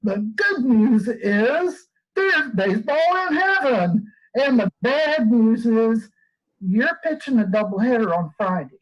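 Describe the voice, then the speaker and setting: A man's voice: extremely high pitch, sing-song, takes it slowly, exaggerated voice. A man voicing a folksy old retired male baseball player with a put-on Southern drawl, over muffled video call audio.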